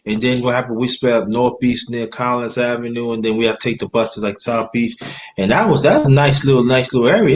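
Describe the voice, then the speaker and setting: A man from New York spins a loose, cursing story in a casual chat and throws himself into the quoted voices. His voice carries a roomy echo, with a faint hiss of noise underneath. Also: medium pitch. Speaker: host.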